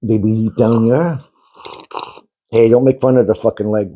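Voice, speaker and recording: A man's voice: on the low side, steady tone, moderate pace, dark tone. A man co-hosting a casual podcast, teasing his friend and swearing casually, recorded on a phone. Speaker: podcast co-host. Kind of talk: casual crude banter. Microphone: phone camera.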